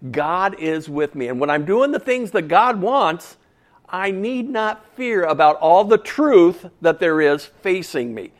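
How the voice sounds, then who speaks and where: Speaking a little slowly in a high-pitched, animated voice, this male pastor gives a conversational sermon. He asks the congregation questions and repeats important phrases to stress them.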